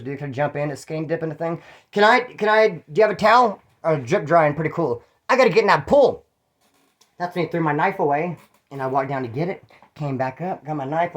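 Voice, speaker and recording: A middle-aged man, telling his own stories in a rambling, slangy way and acting out the people he quotes. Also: fairly high pitch. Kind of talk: casual storytelling monologue.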